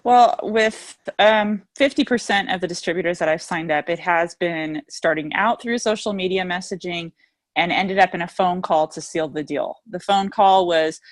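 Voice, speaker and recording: A woman with a somewhat low voice talks through her experience on a team training call. Her delivery is earnest and conversational, with frequent "you know" asides. The call audio is dry, with no room sound. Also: moderate pace, no room sound. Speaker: guest team leader sharing sales experience.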